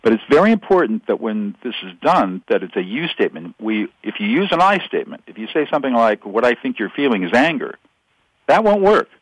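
A man's voice: mid-range voice, big pitch swings, fast talker, few pauses, no echo, poor audio. A man speaking as a guest expert in a conversational interview, explaining ideas with animation and acting out example exchanges.

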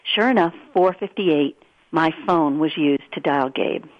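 A woman, a guest author on a radio interview, telling personal stories in an animated, earnest way. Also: sits low, a little slow, muffled recording.

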